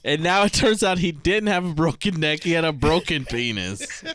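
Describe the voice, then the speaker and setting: A man's voice: on the high side, animated, moderate pace, a bit bright, slight background noise. A man co-hosting a podcast in casual chat, laughing a lot and prodding his friend with questions. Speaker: podcast co-host.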